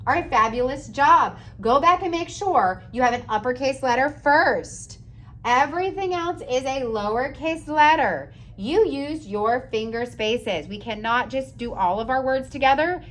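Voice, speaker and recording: A woman teacher giving a slow, patient, encouraging writing lesson for young children, sounding out letters and praising often. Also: on the high side, lively intonation, a bit bright. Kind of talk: early-grades writing lesson.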